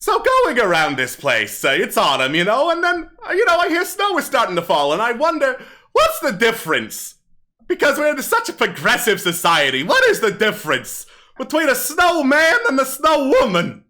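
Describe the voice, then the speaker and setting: A man's voice: extremely high pitch, wildly swooping pitch, moderate pace, pushed and bright, voice pushed up, heavily acted. A man voicing a sleazy male kobold comic who tells corny, crude jokes to a crowd. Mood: smarmy. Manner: brash, corny joke-telling to a crowd. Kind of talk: actual-play tabletop game.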